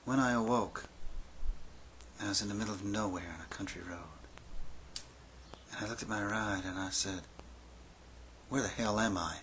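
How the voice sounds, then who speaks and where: A man in his fifties telling a personal story aloud, dropping to a near-whisper and rising to yells as it builds. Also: fairly low pitch, steady tone, moderate pace, long pauses, a little hiss or hum. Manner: dramatic, swings from hushed near-whisper to yelling. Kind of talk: spoken-word storytelling.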